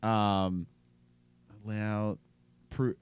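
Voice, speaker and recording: A man's voice: on the low side, flat delivery, drawn-out words, clear, resonant tone, no room sound. A man co-hosting a comedy podcast, rambling through crude jokes with lots of restarts and repeated words. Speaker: podcast co-host.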